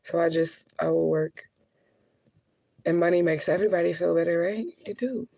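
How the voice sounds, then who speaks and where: Gravelly-voiced woman in blunt, profane chat. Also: lowish voice, fairly even intonation, moderate pace, warm tone, a little hiss or hum. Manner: laughs often between heavy remarks. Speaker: spiritual adviser and vlogger. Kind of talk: casual monologue to viewers.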